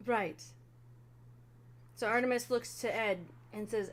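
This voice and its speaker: A woman narrating a tabletop vampire game as game master, animated and quick to laugh. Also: on the high side.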